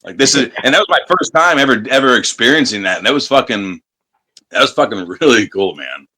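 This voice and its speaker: Wrestler guest, male, from the States, bright, forceful voice, swears freely and acts out the crowd. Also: medium pitch, brisk, husky. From United States. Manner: profane, animated storyteller who acts out crowd chants. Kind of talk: casual interview storytelling.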